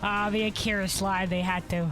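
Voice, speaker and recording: A woman streamer chatting casually while playing a game, laughing often and jumping up in pitch when excited. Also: moderate pace, over music.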